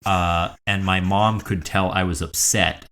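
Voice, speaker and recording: Podcast guy, kinda low voice, rambly storytelling vibe. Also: fairly even intonation, unhurried, a crowd in the background. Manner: rambling, filler-heavy storytelling. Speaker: podcast co-host. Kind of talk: casual comedy storytelling.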